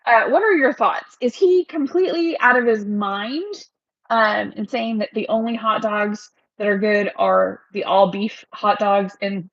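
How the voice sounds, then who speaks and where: A woman's voice: mid-range voice, vocal fry, a bit bright, no room sound, highs cut off. A woman chatting casually on a livestream, rambling from one thing to the next and laughing often. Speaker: realtor hosting a livestream.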